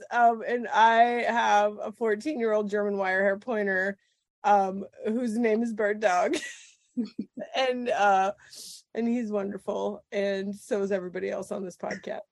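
A woman, a podcast guest, telling a story in casual chat. She is animated, swears freely and laughs often. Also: mid-range voice, measured pace, no echo.

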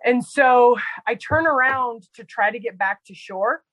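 A woman's voice: fairly high pitch, a little slow, a bit bright, no room sound, rough recording. A woman guest telling a personal story in casual conversation, chatty and full of "like" and fillers. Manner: chatty, heavy use of "like" and fillers. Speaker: podcast guest; medical provider.

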